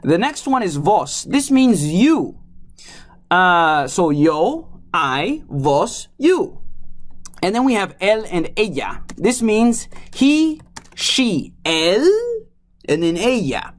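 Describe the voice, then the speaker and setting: A language teacher giving a casual lesson, slowly repeating words and drilling pronouns. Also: medium pitch, very animated. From Louisiana.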